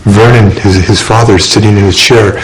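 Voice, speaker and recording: A man's voice: fairly low pitch, steady tone, fairly quick, a crowd in the background, poor audio. A man giving a documentary interview, telling a vivid story and quoting others as he goes.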